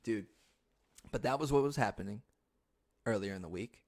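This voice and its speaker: A young man hosting a podcast, telling stories in a loose, profane, casual way with sudden loud outbursts. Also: on the low side, moderate pace. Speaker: podcast host. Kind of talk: casual storytelling monologue.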